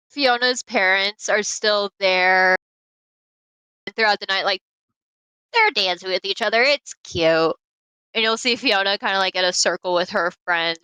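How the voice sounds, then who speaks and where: A woman narrates a tabletop game as its game master. Her voice is bright and crisp, and her talk is loose and chatty with plenty of fillers. She sounds close and dry on a call mic. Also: medium pitch, animated, measured pace, dry recording, rough recording.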